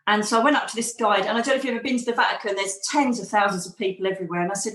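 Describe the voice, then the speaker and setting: A woman's voice: medium pitch, very fast, hardly any pauses, a bit bright, reverberant, poor audio. A middle-aged woman, a podcast guest, telling a personal story animatedly and acting out quoted voices. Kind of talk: storytelling in an interview.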